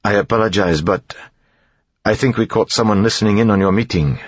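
A man voicing an apologetic, hurried male guard captain. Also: lowish voice, breathy edge, dry recording, lo-fi sound, pitched above the performer's own voice.

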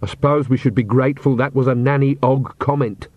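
A man reading aloud and voicing an earnest young witch woman with a brisk, reproachful manner. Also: medium pitch, fairly even intonation, a little mellow, no room sound, dull audio, close to an everyday voice.

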